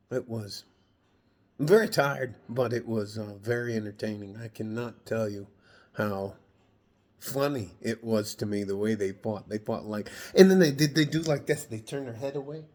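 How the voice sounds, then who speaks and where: A man's voice: medium pitch, lively intonation, unhurried. Man, casual storytelling vlog, rambling, frequent laughter, swearing. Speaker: vlogger.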